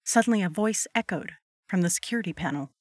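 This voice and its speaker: In a dry, close recording, a woman reads a scripted horror story at a steady, measured pace, her voice sitting slightly low.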